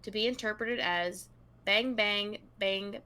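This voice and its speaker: A woman hosting a true crime podcast, her voice bright and forward. She reads long passages aloud in an easygoing, conversational way. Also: mid-range voice, slow pace. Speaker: podcast co-host.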